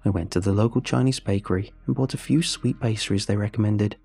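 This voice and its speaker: A man reading a first-person horror story in a steady, measured storytelling voice. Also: lowish voice, creaky, husky, soft background music. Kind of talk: scripted horror narration.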